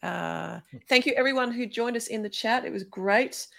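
A woman's voice: a little high, normal speed, gravelly, fairly bright tone. A woman, hosting a podcast in a breezy, joking way over a video call. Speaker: podcast host. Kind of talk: casual chat and sign-off.

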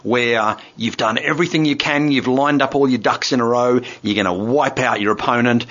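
A man's voice: medium pitch, moderate pace, a bit bright. A man co-hosts a radio show and explains things with easygoing enthusiasm. He talks casually with loose fillers. The audio is dull and slightly lo-fi. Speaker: radio co-host.

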